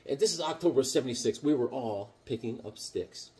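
Animated, jokey middle-aged man. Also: mid-range voice, fairly quick. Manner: rambling, jokey, puts on silly voices in anecdotes. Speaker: comic book collector vlogger. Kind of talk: casual show-and-tell chat.

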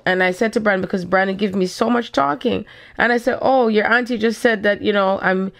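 A woman's voice: mid-range voice, steady tone, fairly quick, vocal fry. A woman hosting a casual spiritual talk, speaking frankly and rambling, often repeating herself.

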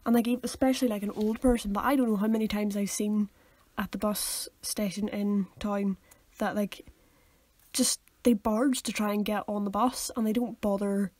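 A woman's voice: mid-range voice, level tone, moderate pace, darkish tone, dry recording. A woman, co-hosting a casual, giggly podcast chat. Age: 20s. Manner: chatty, giggly, acts out quoted voices. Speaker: podcast co-host.

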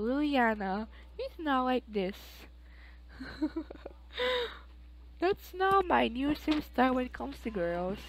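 A woman's voice: a little high, poor audio. A woman giving chatty, rambling commentary while playing a life-simulation game, with frequent exclamations. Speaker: let's play host. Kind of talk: casual gameplay commentary.

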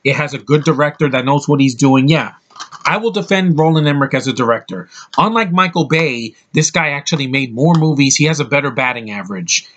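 A young man giving a casual, rambling movie review, excitable and full of fillers and swearing. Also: medium pitch, fairly quick, dull audio.

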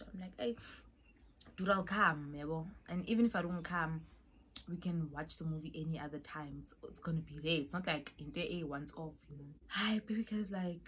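A young South African woman with a South African accent, telling an animated storytime vlog and acting out the voices in it. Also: fairly low pitch, a little fast, slight background noise. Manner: animated, mixes in Zulu and Xhosa phrases, acts out voices. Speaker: YouTuber.

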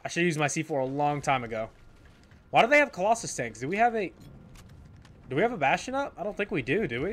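Young man, gameplay commentary, sarcastic, exasperated, slightly higher voice, faint game gunfire behind. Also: sing-song, fast, pauses often, fairly bright tone, slight background noise. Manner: exasperated, sarcastic, frequent outbursts. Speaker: gaming YouTuber.

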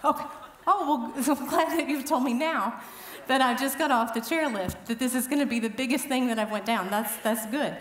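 A middle-aged woman with a fairly high voice tells stories at an event, chatty and self-mocking. Her animated delivery rings out in a roomy, echoey hall. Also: a little fast. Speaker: event speaker. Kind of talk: humorous storytelling talk.

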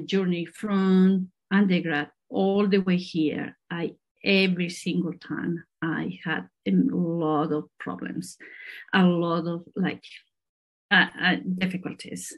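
A middle-aged woman scientist from Peru, answering interview questions in a halting way with many fillers and restarts. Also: on the low side. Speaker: scientist guest.

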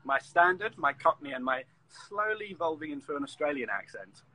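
A man jokes playfully in a casual chat, his pitch swinging widely. The phone stream carries clear background noise. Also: big pitch swings, brisk. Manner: playful, joking.

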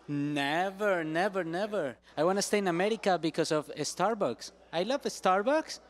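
A man's voice: high-pitched, normal speed. A man answering street interview questions in a rambling, hesitant way.

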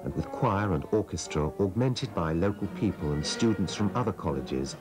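A man with a deep, low voice narrates a documentary in a calm, even manner. Music plays clearly beneath his voice. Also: moderate pace.

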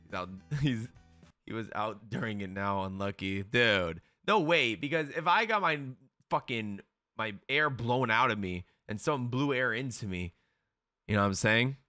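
A young man streaming a live anime reaction, excitable and slangy, swearing often as he comments. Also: on the low side, measured pace, no echo, soft background music.

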